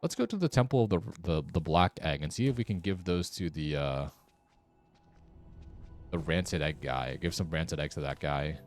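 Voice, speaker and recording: A man's voice: a bass voice, expressive, normal speed, faint music behind. A man streaming a game with casual, wry commentary, muttering sarcastic asides to himself.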